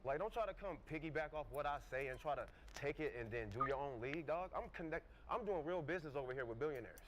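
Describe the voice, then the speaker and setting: A man's voice: fairly high pitch, animated, fast, background noise. A man co-hosting a casual couch podcast, trash-talking and challenging someone, with lots of "like" fillers. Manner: confrontational trash talk, fillers of "like". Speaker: podcast co-host. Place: studio couch.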